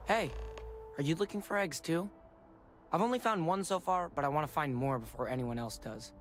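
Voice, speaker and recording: A man's voice: on the high side, a little fast, slight background noise, close to an everyday voice. An actor playing an eager, earnest young man hunting eggs in a video game. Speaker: game character. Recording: game audio with music behind.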